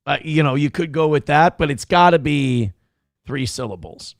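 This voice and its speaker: Man, morning show host, gravelly, crude rapid banter, dry studio mic. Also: fairly high pitch, lively intonation, dry recording. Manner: loud, crude, fast banter. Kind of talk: casual livestream chat reading donations.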